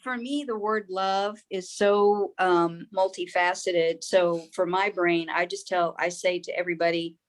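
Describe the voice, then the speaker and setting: A fairly low-pitched woman shares a personal experience with an online group over a video call. She rambles and halts, filling her pauses with "um" and "like". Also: fairly even intonation. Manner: rambling, halting, many fillers. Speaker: group participant. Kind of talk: casual personal sharing.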